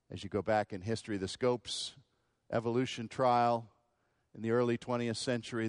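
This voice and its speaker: A man's voice: dry recording, studio quality. Man preaching with dramatic swings. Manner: dramatic, swings between loud quoted outbursts and low hushed asides. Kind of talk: sermon.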